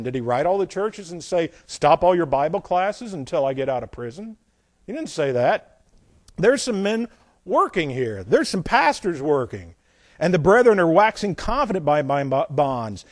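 Male pastor, slightly high voice, sermon with folksy asides, dry close sound. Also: sing-song, normal speed, no room sound. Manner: reads scripture aloud, then explains it with folksy asides; dramatic swings between loud emphasis and quiet asides.

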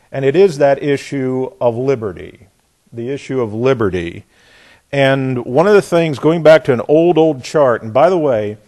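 A man's voice: medium pitch, darkish tone. A man teaching a bible class in a conversational way, trailing off and restarting his sentences with frequent asides.

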